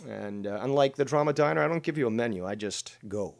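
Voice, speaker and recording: A man's voice: medium pitch, expressive, fast talker, creaky. A man hosting a drama commentary show, talking over clips in a mocking, profane, combative way.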